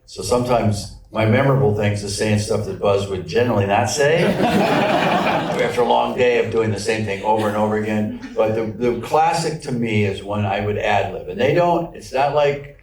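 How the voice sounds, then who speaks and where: A man's voice: on the low side, lively intonation, normal speed, crowd noise. A man in his sixties on a press panel, answering questions with wry, self-mocking jokes and frequent laughs. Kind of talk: joking press conference answers. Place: large echoey press room. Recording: echoey room, distant mic.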